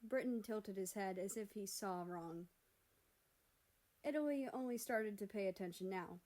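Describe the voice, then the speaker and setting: A woman narrating fan fiction aloud in a steady, measured storybook reading. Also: mid-range voice.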